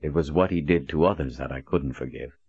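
An earnest, gentle young man in an audiobook, voiced by a man with a deep, quiet and sincere delivery. The recording is dry and muffled. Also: fairly quick, husky, dry recording, full character voice. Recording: dull lo-fi recording.

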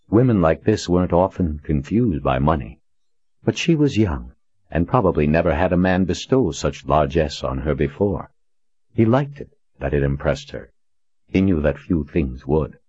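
Very deep-voiced male audiobook narrator. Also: a little mellow, husky, dry recording, lo-fi sound. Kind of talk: scripted narration.

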